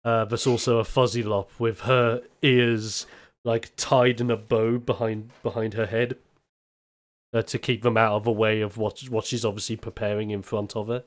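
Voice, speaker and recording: A man's voice: lowish voice, flat delivery, normal speed. A man narrating as game master of a tabletop game, rambling with many fillers.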